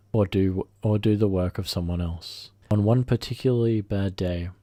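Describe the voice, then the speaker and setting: A man's voice: low voice, warm tone, no room sound. A man reading a first-person revenge story aloud, often stumbling and correcting himself mid-sentence. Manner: halting, self-correcting reading. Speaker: story narrator.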